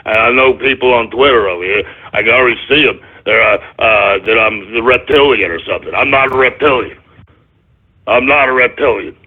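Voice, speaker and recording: A man voicing a deep-voiced, brooding man who mutters slowly and scolds his haters, heard over a tinny phone-like line. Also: lightly acted. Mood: scornful. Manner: slow, low, muttering.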